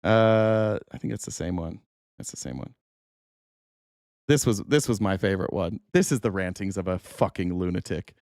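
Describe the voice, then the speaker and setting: A man hosting a livestream of political commentary, ranting in a profane, animated way. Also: low voice, moderate pace, vocal fry, no room sound, clean studio sound. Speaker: host.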